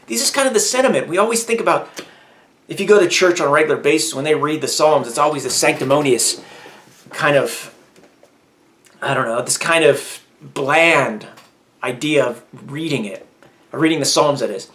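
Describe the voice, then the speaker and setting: A man's voice: on the high side, normal speed, fairly bright tone. A man talking candidly in a personal vlog, venting and growing heated and emphatic as he goes. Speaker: vlogger.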